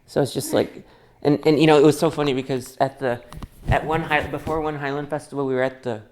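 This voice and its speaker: A man's voice: a little high, fairly even intonation, quick pace, darkish tone, a little hiss or hum. A young man chatting casually with friends at home, rambling with many restarts and asides. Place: family home.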